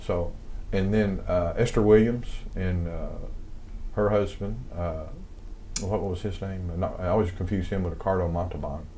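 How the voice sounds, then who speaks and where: A man's voice: low voice, fairly even intonation, moderate pace, warm tone, slight background noise. An older man with a Southern accent, rambling through stories as an interview guest with many fillers. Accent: American Southern. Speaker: guest, music composer. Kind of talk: casual interview storytelling.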